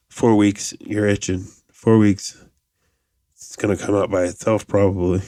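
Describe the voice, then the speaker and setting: A man in his thirties hosting a podcast, talking in a casual, profane, rambling monologue with animated asides. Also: fairly low pitch, measured pace, no room sound, clean studio sound. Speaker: podcast host.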